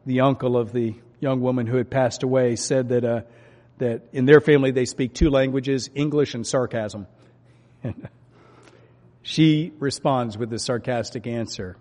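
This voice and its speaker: A man preaching a sermon from the pulpit, swinging between loud urging and quiet earnest asides. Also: medium pitch. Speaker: pastor. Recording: long hall reverb.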